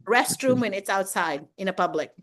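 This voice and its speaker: A woman in her fifties with a Filipino accent, hosting a casual video call with animated, chatty talk and frequent laughter. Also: mid-range voice, moderate pace. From Philippines. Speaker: host and teacher mentor.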